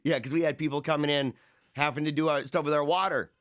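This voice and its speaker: A man's voice: a little high, fairly even intonation, fast talker, a bit bright. A man hosting a livestream show, chatting casually, rambling, mocking and laughing often as he reads viewer comments. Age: adult, married with young children.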